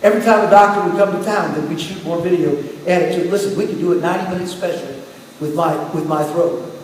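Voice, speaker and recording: A man with a fairly high voice tells his story as a sermon, talking to the congregation in a conversational way, then jumping up in pitch and loudness. He sounds far from the mic, in a church hall with a long, echoing reverb. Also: fast talker. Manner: storytelling, conversational, with sudden rises in pitch and volume. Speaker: guest preacher. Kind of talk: sermon testimony. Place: church sanctuary. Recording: distant mic in a long, echoey church hall with faint room noise.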